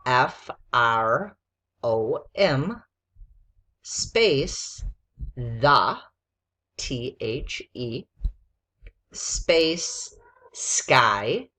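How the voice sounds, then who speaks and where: A woman's voice: a bass voice, very animated, very slow, long pauses, bright, forceful tone. A woman teacher giving a spelling lesson to a child, patiently spelling words out letter by letter.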